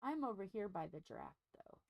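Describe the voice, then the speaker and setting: A woman hosting a crafting channel in casual chat, frank and rambling, her strained, scratchy voice dipping up and down and turning squeaky. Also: animated, a little fast, vocal fry, dry recording. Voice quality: voice dips up and down in pitch, turns squeaky. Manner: frank, rambling, self-deprecating.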